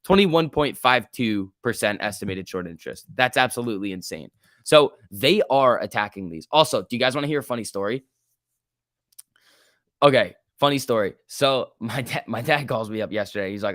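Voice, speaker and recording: Excitable young man streaming stock commentary. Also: medium pitch, normal speed, no echo, studio quality. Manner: excitable, profane, reads chat aloud. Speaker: stock market livestream host. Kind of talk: casual live market commentary.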